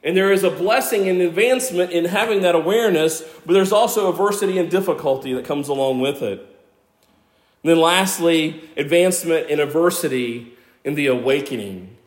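A man's voice: on the high side, moderate pace. A man in his fifties preaching a sermon, earnest and conversational, with self-deprecating asides. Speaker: pastor. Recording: echoey church room.

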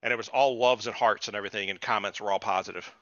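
A man's voice: on the low side, fairly even intonation, rapid-fire, fairly bright tone, no room sound. A man hosting a podcast, chatting casually and ranting with lots of swearing. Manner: profane, ranting, mocks people with put-on quotes. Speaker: podcast host. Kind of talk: casual chat reviewing a TV show. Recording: dull lo-fi podcast audio.

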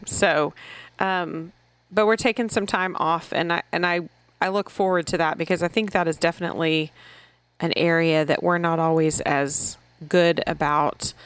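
A woman's voice: on the low side, fairly even intonation, normal speed, smooth. A middle-aged woman co-hosting a podcast, chatting casually with frequent restarts and easy laughter. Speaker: podcast co-host. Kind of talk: casual chat.

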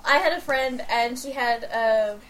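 A woman's voice: on the high side, a little slow, a bit bright. A woman chatting casually about video games, giggly and rambling with many hesitations.

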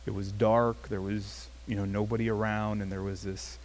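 A man's voice: fairly low pitch, moderate pace, a little hiss or hum. A man preaching a sermon as pastor, in a conversational style and telling a personal story. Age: adult, past his teens. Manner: conversational, animated storytelling with acted quotes.

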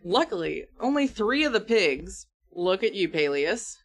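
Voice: medium pitch, big pitch swings, a little slow. Teasing, laughing game master. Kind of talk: running a tabletop game.

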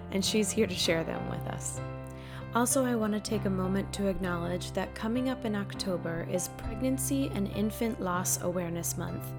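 A woman hosting a podcast, bubbly and enthusiastic as she opens the episode and interviews her guest. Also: medium pitch. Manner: bubbly, enthusiastic, warm toward listeners. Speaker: podcast host. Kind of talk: upbeat podcast intro and interview.

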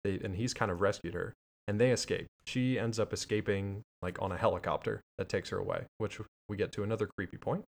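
A man co-hosting a casual podcast, recapping an old cartoon with jokey, animated storytelling. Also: lowish voice, fairly quick, gravelly. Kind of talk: casual chat.

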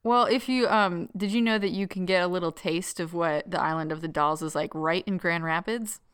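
Young woman podcast co-host, lowish smooth voice, giggly and rambling, casual chat. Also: moderate pace, fairly bright tone.

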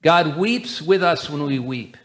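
A man's voice: on the high side, lively intonation, measured pace. A man preaching a sermon as a church elder, in an earnest, conversational way with frequent restarts.

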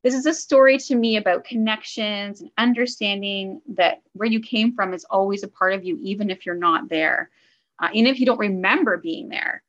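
A woman's voice: mid-range voice, moderate pace, a bit bright, muffled recording. A woman from Canada co-hosting a book podcast, chatting enthusiastically and rambling with fillers and asides. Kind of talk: casual book review chat.

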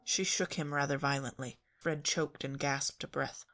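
A woman storyteller reading a story aloud in a calm, even narration. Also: a bass voice, moderate pace.

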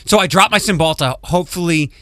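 A man's voice: a little high, quick pace, bright, forceful tone, no room sound. Rambling male radio host, dry sound. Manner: rambling, self-interrupting, reads show rundown. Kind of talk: casual morning radio chat. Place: radio studio. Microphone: studio microphone.

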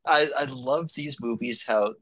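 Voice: medium pitch, measured pace, a bit bright. A podcast co-host chatting casually about a film, adding jokes and agreeing with the other host.

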